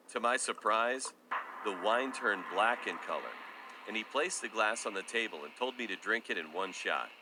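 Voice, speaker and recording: Deep, bright-toned man narrating horror. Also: a little hiss or hum. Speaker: story narrator. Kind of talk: scripted first-person horror storytime narration.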